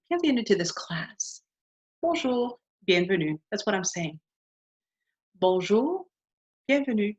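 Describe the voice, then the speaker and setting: A woman with a fairly high, husky voice teaches a beginner language lesson, her pitch rising and falling a lot as she models each phrase. She's patient and keeps asking the listener to repeat. The sound is dull and lo-fi.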